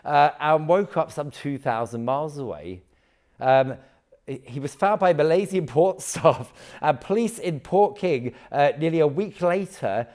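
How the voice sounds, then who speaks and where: A man in lively comic banter as a guest reading odd news stories, laughing often and breaking into silly impressions. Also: a little high, unhurried. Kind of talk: comic chat show banter.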